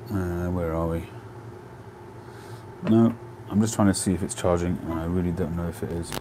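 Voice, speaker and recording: A man's voice: sits low, fairly even intonation, moderate pace, noisy background. A man hosting a casual live stream from home on a phone, chatting and answering viewers' comments.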